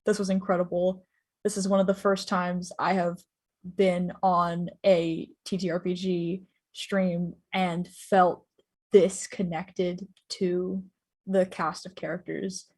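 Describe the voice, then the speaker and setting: A woman player on a live tabletop stream, emotional and near tears, rambling excitedly with jokes and swearing. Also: lowish voice, slow, breathy edge. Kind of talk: casual closing thanks on a live stream.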